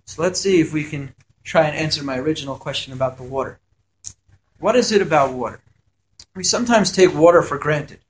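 A man with a high voice gives a Torah lesson to yeshiva students. He reads Hebrew verses aloud, translates each one, and asks questions before answering them in an explanatory way. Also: expressive, brisk. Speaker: yeshiva teacher.

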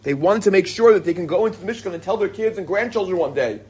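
A man's voice: high-pitched, animated, quick pace, darkish tone, slightly rough. A middle-aged man teaching an informal Torah class to a live group, reading Hebrew passages and then explaining them in casual, joking English.

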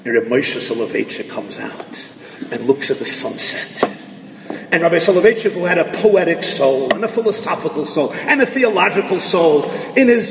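A high-pitched man lectures, weaving Hebrew and Yiddish terms through his talk and swinging from near-murmurs to shouted emphasis. He is picked up from far off in a large, echoing hall with a faint hiss underneath. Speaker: rabbi lecturing on Jewish thought. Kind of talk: lecture to an audience.

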